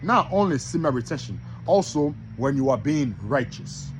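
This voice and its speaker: A man teaching from the Bible in a casual style, reading verses with loud emphasis and calling out to his listeners. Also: medium pitch, normal speed, a little hiss or hum. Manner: animated, calls out to listeners; reads scripture with loud emphasis. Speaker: preacher.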